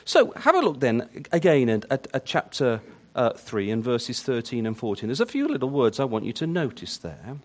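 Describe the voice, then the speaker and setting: A man's voice: mid-range voice, wildly swooping pitch, normal speed, few pauses, darkish tone. A man preaching a sermon, asking his listeners many questions and repeating words as he starts a phrase.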